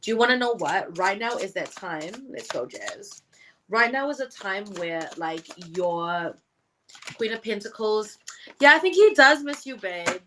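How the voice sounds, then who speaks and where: A woman's voice: mid-range voice, expressive, measured pace, sharp tone, a little hiss or hum. A young woman reading tarot on a live stream, chatting casually and slangily with viewers and swearing now and then.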